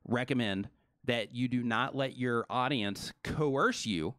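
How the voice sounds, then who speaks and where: A man co-hosting a live stream, talking fast and energetically with many fillers like "you know" and "right". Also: medium pitch, fairly bright tone, clear, resonant tone, no room sound. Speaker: co-host.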